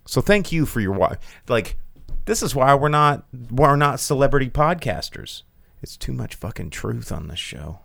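A man's voice: deep voice, gravelly, a bit bright, dry recording. A young man hosting a podcast, ranting sarcastically in casual chat and swearing freely. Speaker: podcast host.

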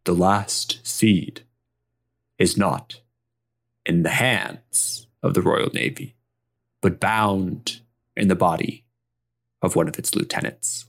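A man's voice: deep voice, steady tone, slow, pauses often. A man narrating a tabletop game as game master, in a playful, dramatic way.

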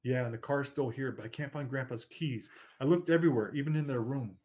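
A man's voice: medium pitch, a little fast, a little mellow, lightly acted. A man voicing a young sister who speaks urgently and insistently in a storybook.

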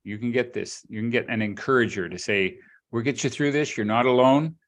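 An earnest middle-aged man co-hosts a casual podcast chat. He speaks in a reflective way at a medium pitch, leaning on sayings and homespun analogies. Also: brisk. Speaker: podcast co-host.

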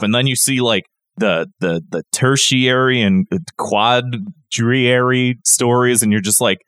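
A man co-hosting a podcast, animated and halting, with many restarts. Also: medium pitch, clean tone, no echo, studio quality. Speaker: podcast co-host. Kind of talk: casual podcast chat.

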